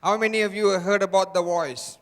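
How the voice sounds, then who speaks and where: A man's voice: high-pitched, steady tone, fairly quick, a bit bright. A man giving a motivational seminar talk, firing repeated rhetorical questions at a live audience in a large hall. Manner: repetitive rhetorical questions to the crowd. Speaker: motivational speaker.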